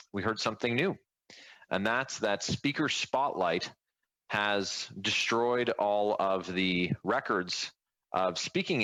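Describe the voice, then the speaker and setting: A man giving a brisk, matter-of-fact statement about a committee meeting, played as a clip. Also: lowish voice, pushed and bright, dry recording, rough recording.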